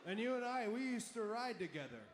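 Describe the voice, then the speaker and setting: A man cutting an arena wrestling promo over a handheld mic, mocking and emphatic, sometimes shouting. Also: very high voice, big pitch swings, a little fast. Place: large indoor arena. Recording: echoey arena broadcast audio with noise.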